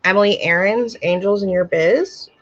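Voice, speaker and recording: A warm-hearted woman does a casual oracle card reading on a live stream from home, addressing viewers as "my dear" and "my love." Allergies leave her eyes itchy and keep her sneezing, while her medium-pitched voice keeps a moderate pace over lo-fi audio.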